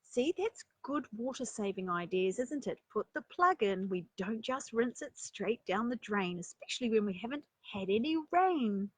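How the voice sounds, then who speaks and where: A woman reading a children's story aloud, breaking off for chatty asides and rhetorical questions to her listeners, with a breathy voice. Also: a little high, expressive, moderate pace, few pauses, dry recording. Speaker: storyteller and life coach.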